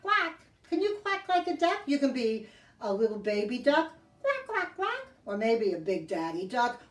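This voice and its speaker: A woman leading a children's sing-along and story time, speaking gently in a sing-song way to young kids. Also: a little high. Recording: echoey room, mic at a distance, guitar.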